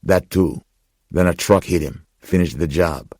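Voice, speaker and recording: A man's voice: low-pitched, unhurried, darkish tone, dry recording, studio quality. A man voicing a brash, defensive young street thief who swears freely.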